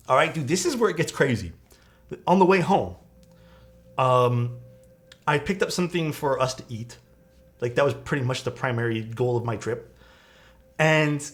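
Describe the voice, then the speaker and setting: A young man streaming from home, telling stories in a casual, laid-back way and swearing often. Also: fairly high pitch.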